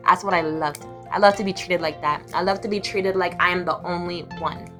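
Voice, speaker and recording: A woman's voice: fairly low pitch, fairly even intonation, brisk, a bit bright, soft background music. A young woman telling her life story to the camera in a blunt, profane way, now and then squealing her inner voice. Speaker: vlogger.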